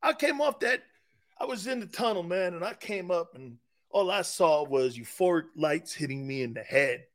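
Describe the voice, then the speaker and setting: A man's voice: high voice, lively intonation, moderate pace, fairly bright tone. A man doing a spaced-out stoner athlete. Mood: dreamy. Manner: dazed, drawling stoner talk, repeating himself. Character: stoned young male extreme-sports athlete, spaced out.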